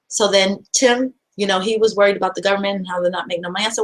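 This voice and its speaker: A woman's voice: medium pitch, quick pace, hardly any pauses, poor audio. A woman giving a motivational self-help talk, earnest and repetitive, asking her listeners rhetorical questions over and over.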